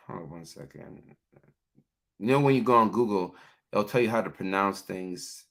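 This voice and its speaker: Bright-voiced man chatting on a livestream. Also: low-pitched, slow, gravelly, pauses often. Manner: chatty, reads viewer names aloud, many fillers. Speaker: livestream host, mental health clinician. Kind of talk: casual livestream chat.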